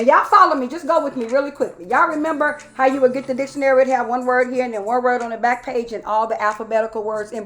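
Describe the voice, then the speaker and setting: A middle-aged woman pastor speaks directly to her viewers in a folksy live sermon, saying "y'all" again and again and building into a rhythmic preaching cadence. Her voice is high and fairly bright.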